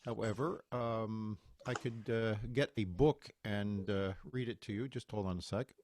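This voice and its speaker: Fairly low and steady, a little mellow and measured, this cantor's voice comes with slight background noise. He rambles and jokes at his own expense in casual chat, then leads a virtual chapel service over a video call's computer microphone.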